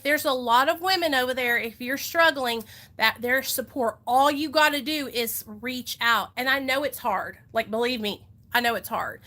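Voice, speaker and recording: Young woman, recovery vlogger, earnest and chatty, fairly high and bright voice. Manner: earnest, emotional, chatty with "y'all" and "like". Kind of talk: casual heartfelt talk to viewers.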